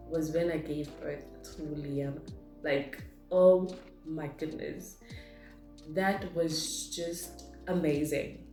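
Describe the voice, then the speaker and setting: A woman's voice: lowish voice, warm tone. Chatty woman, echoey room. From South Africa. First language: Zulu. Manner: chatty, rambling, reads questions aloud then answers. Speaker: vlogger. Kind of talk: casual get-to-know-me Q&A. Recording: echoey room with faint music.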